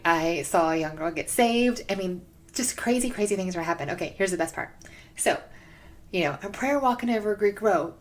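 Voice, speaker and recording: A young woman hosting a faith podcast, telling stories in a casual, excited way with lots of "like". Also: mid-range voice. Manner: excited, gushing, heavy use of "like". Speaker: podcast host.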